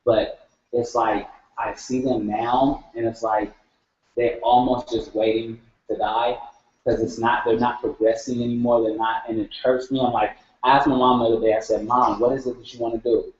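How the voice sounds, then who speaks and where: A man's voice: medium pitch, flat delivery, normal speed, a little mellow. A man talking earnestly in a group share, searching for words and repeating himself. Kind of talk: heartfelt group sharing. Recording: echoey room, dull sound.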